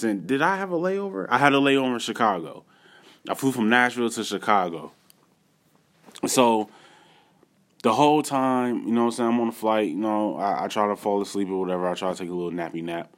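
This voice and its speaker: A man telling a personal story in a casual, animated way, speaking straight to his viewers with slangy asides. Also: fairly low pitch, fast talker. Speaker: vlogger.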